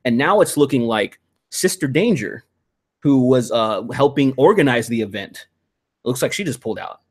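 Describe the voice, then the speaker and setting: A man hosting a casual podcast chat, telling stories in an animated, profanity-laced rant. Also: mid-range voice, normal speed. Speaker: podcast host.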